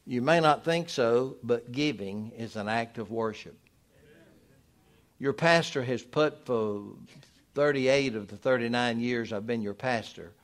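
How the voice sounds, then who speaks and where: A pastor, preaching a sermon in an emphatic, exhorting manner. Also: male voice. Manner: preachy, emphatic, rising to loud exhortation then dropping low.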